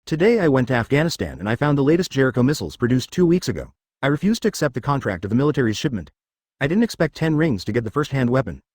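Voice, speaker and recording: A man's voice: medium pitch, sing-song, very fast, a little mellow, no echo, clean studio sound. A man voicing a brooding billionaire inventor hero in a storybook reading, speaking in a grave, confiding way.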